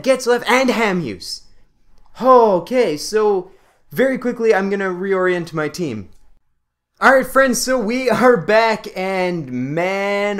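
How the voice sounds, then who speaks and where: A young man, giving excitable pack-opening commentary over a hockey video game. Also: high voice. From Canada. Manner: excitable, yelps and laughs at pulls. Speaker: gaming video creator.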